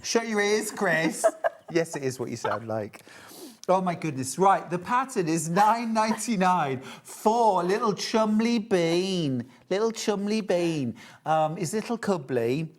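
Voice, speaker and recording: A man's voice: sits high, expressive, measured pace. A man in his fifties presenting a live TV shopping show, chatty and teasing as he sells. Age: 50s. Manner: jokey, teasing, upbeat selling.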